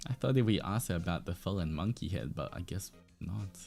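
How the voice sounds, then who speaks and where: A man's voice: sits low, animated, a little fast, vocal fry, a little mellow, faint music behind. A young man streaming a game, thinking aloud in a puzzled, laughing way. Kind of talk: casual game commentary.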